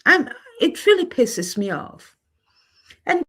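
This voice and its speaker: A woman talks to her viewers in an unhurried, deliberate way, her pitch sitting in an ordinary middle range. She is blunt and openly indignant, and her voice climbs and sharpens as she gets heated. It is a candid, unscripted livestream monologue. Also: expressive. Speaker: channel host.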